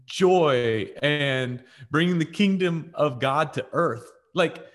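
A talkative man co-hosting a faith podcast, who spins his stories with lively swings in pitch. He keeps saying "like" and "right?" and acts out the people he quotes in their own voices. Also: takes it slowly. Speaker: podcast co-host. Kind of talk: casual faith conversation, storytelling.

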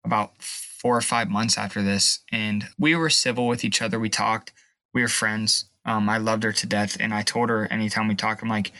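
A young man sharing a personal testimony in an interview, emotional and halting, at times tearful. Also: fairly low pitch, steady tone, sharp tone, dry recording. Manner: emotional, halting, pauses and restarts. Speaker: guest.

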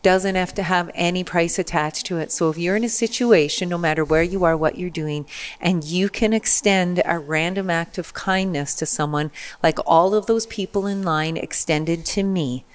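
As a podcast guest, a middle-aged woman with a voice on the low side tells a personal story at a moderate pace. She tells it animatedly, acting out the people involved.

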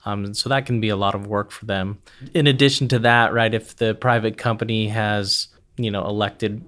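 A man's voice: lowish voice, steady tone, moderate pace, a bit bright. A man on a podcast methodically listing technical accounting requirements, with frequent "right" and "um". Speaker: accounting expert guest. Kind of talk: explanatory podcast discussion.

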